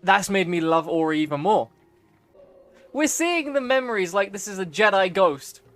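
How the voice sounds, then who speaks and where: Animated young man reacting to gameplay. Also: sits high, normal speed, soft background music. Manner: excitable, emotional reactions with gasps, laughs and outbursts. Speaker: streamer playing a game.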